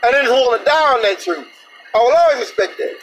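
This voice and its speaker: A man's voice: very high voice, expressive, a little fast, fairly bright tone, distant mic, a little hiss or hum, low-quality recording. A man vlogging an indignant, emphatic opinion rant with plenty of profanity. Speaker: vlogger, truck driver.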